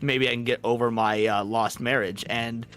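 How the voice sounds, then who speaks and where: A man's voice: mid-range voice, fairly even intonation, normal speed, fairly bright tone. A man guesting on a podcast, telling his own story in a candid, self-mocking way. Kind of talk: casual podcast chat.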